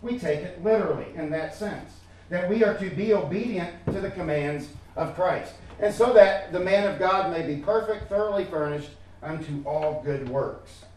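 A man's voice: high voice, normal speed, few pauses, a little mellow, slight background noise. A man preaching a sermon as pastor, emphatic and direct with his listeners, often repeating his words. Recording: echoey room from far off.

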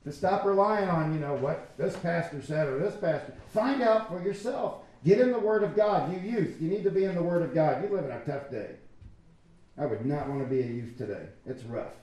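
High-voiced pastor in an echoey church. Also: male voice, normal speed. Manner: animated, conversational preaching with acted-out quotes. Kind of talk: sermon.

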